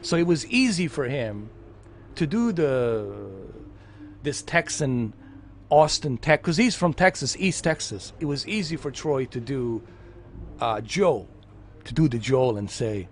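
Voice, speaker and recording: A man's voice: mid-range voice, lively intonation, unhurried, slight background noise. A man chatting casually while gaming, rambling with lots of fillers and restarts. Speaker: gaming vlogger.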